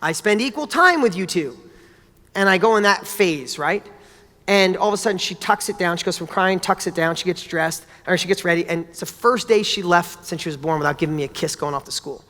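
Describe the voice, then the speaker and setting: Male motivational speaker, bright and forceful delivery, casual and blunt with a bit of swearing, recorded in a reverberant hall. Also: sits high, a little fast. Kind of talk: motivational talk with personal stories.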